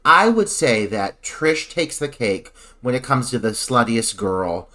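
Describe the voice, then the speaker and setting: A man's voice: medium pitch, measured pace. A man co-hosting a podcast, talking about a film with crude jokes and casual swearing. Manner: crude, joking and animated. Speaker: podcast co-host.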